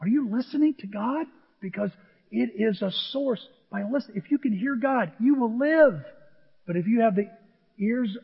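Husky middle-aged male pastor, animated sermon delivery, dull recording with a long hall reverb. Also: sits high, normal speed. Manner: animated, shifts between shouting and near-whispers.

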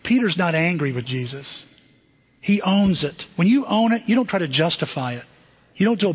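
High, husky pastor preaching in a hall. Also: male voice, moderate pace. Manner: animated storytelling, acting out quotes. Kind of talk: sermon. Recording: dull hall recording with long reverb.

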